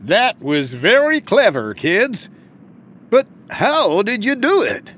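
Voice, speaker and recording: A woman's voice: mid-range voice, big pitch swings, takes it slowly, a bit bright, full character voice. A woman reading a storybook aloud and voicing a timid old-west sheriff. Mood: pleased. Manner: timid, hesitant. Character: reluctant small-town sheriff, grown man.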